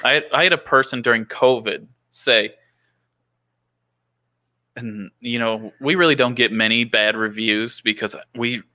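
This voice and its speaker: A man's voice: mid-range voice, unhurried, bright, forceful tone. A man hosting a casual chat, a business owner giving blunt opinions.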